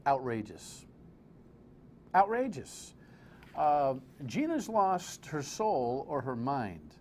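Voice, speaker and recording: A man hosting a live TV political talk show, animated and exclamatory, full of rambling asides. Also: medium pitch, takes it slowly, a little hiss or hum.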